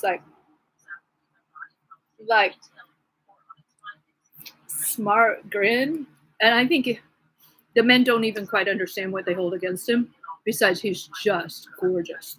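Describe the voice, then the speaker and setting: A woman talks straight to her own camera in a loose, rambling vlog. Her voice is a little husky, and she sounds agitated and gossipy, with many fillers. Her pitch sits in a middle range. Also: fairly bright tone, low-quality recording. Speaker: vlogger. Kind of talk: rambling casual monologue.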